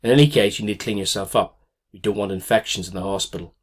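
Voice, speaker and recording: A man's voice: lowish voice, slightly rough. A man voicing a curt young receptionist. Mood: stern. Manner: brisk, disapproving.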